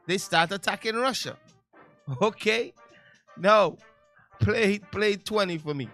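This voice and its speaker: A man hosting a talk-radio show, giving casual commentary in a loud, heated, preachy way with slangy asides. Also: high voice, slow pace, pauses often, faint music behind.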